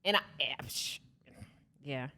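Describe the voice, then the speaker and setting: A young woman co-hosting a podcast in relaxed casual chat, trailing off mid-thought. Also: extremely low pitch, slow, crowd noise. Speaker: podcast co-host.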